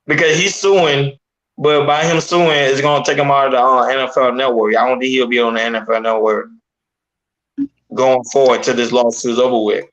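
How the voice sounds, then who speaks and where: Man cohosting a talk show, steady opinions, roomy echo behind him. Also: mid-range voice, moderate pace. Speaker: co-host. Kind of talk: casual talk show discussion. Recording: echoey room.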